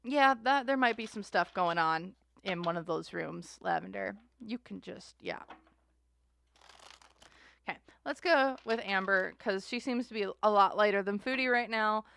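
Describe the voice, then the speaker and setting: A woman's voice: medium pitch, measured pace, vocal fry, a bit bright, clear, resonant tone. A woman hosting a casual tarot reading chat, talking in a rambling, chatty way. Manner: chatty, rambling, voices others in mocking asides. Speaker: tarot reader host.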